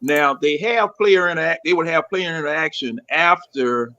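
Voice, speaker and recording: A man co-hosting a casual sports talk show, rambling and quick. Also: on the high side, bright, forceful tone, dull audio. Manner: rambling, lots of fillers and restarts, quick. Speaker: podcast co-host.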